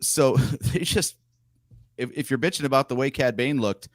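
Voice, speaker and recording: A man's voice: medium pitch, moderate pace, no echo, clean studio sound. Chatty opinionated male co-host. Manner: chatty, opinionated, shares pictures on screen. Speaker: podcast co-host. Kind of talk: casual chat.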